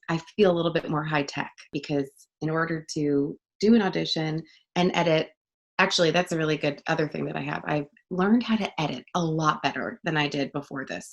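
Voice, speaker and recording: A young woman talks in a relaxed, chatty way, full of fillers and quick asides. Her voice sits low for a woman. She is recorded on a home studio mic. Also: creaky. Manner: chatty, upbeat, many fillers. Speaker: voice actor guest. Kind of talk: casual interview chat.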